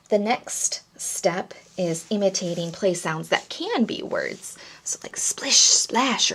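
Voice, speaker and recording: A woman giving parents gentle, encouraging tips on reading aloud to toddlers, in an instructional talk. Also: fairly low pitch, creaky. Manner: gentle, encouraging, breaks into playful sound demonstrations. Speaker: early childhood reading coach.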